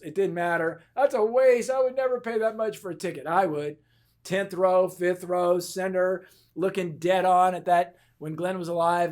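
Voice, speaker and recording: A man giving a motivational keynote talk on leadership, telling stories and acting out both sides of the dialogue in an animated way. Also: sits high. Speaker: keynote speaker. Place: conference stage.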